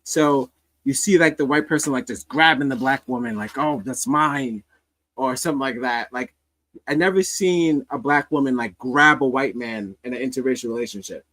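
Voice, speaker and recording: A man's voice: medium pitch, fairly quick, a bit bright, poor audio. A man hosting a casual commentary stream, reacting to social media clips in a rambling, sardonic way with many restarts.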